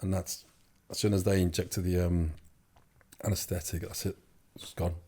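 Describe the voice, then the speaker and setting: A man's voice: low voice, level tone, normal speed, dark tone, slightly rough. A young man telling his story as an interview guest, rambling with many fillers and restarts. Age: young adult. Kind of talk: casual storytelling.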